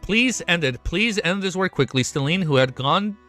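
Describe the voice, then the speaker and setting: A man streaming live, reading a novel aloud and breaking off into excited, swearing reactions. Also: high voice, normal speed, faint music behind. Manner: excitable, swears often, sudden loud outbursts.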